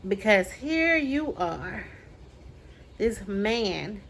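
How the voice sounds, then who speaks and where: A woman with a fairly low voice tells a personal story straight to camera in a relaxed vlog. She is emphatic, repeats her lines for effect, and draws out the words that matter. Faint room ambience sits under her voice. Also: measured pace, slight background noise. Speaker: vlogger.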